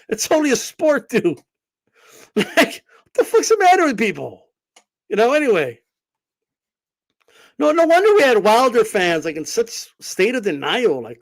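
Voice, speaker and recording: A man with a strikingly high voice rants about boxing on a livestream, brash and profane. His pitch leaps up and down as he mocks commenters in his casual style. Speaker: boxing channel host. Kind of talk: animated livestream rant.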